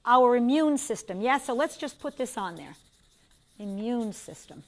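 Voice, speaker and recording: An older woman with a New York accent, teaching a class in a lively lecture style and putting questions to her students. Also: fairly high pitch. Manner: animated, asks the class questions, quick asides. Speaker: instructor.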